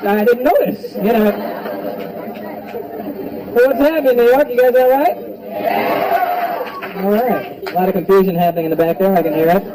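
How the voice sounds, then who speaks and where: Stand-up comic, male, high voice, profane crowd work, live club recording with a big crowd. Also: normal speed, long pauses, rough recording. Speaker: stand-up comedian. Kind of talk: stand-up comedy set. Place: comedy club. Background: audience laughing.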